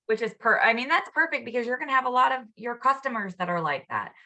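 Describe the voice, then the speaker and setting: Woman, co-host; casual, chatty delivery, frequent fillers, bright and forceful tone; video-call audio. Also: fairly high pitch, lively intonation, fast talker, poor audio. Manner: chatty, many ums and you-knows.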